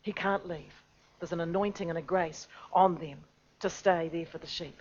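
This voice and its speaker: A woman preaching a sermon, swinging from loud, urgent emphasis to hushed, near-whispered lines, with some hesitations and restarts. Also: on the low side, fairly even intonation, normal speed, highs cut off.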